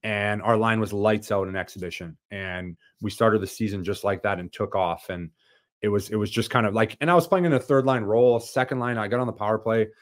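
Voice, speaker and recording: A man's voice: fairly low pitch, steady tone, brisk, dry recording, clean studio sound. A man as a podcast guest, telling stories in casual chat with frequent restarts and fillers. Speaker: podcast guest, former hockey player.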